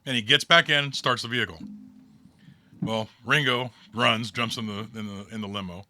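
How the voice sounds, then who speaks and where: Bright-voiced man narrating a game. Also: mid-range voice, steady tone, moderate pace, a little hiss or hum. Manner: loose, chatty narration. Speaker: storyteller.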